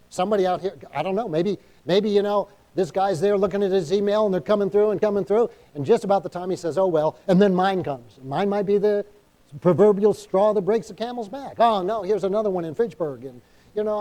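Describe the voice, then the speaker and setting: High, mellow-voiced preaching man. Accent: New England. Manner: emphatic preaching, calls for amens; acts out quoted inner dialogue. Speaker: pastor. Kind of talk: sermon.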